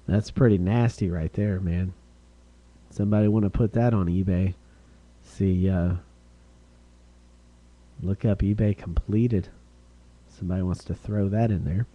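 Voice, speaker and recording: A man hosting a live-streamed card break, calling out each card and who gets it, getting excited over rare hits. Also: on the low side. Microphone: streaming setup.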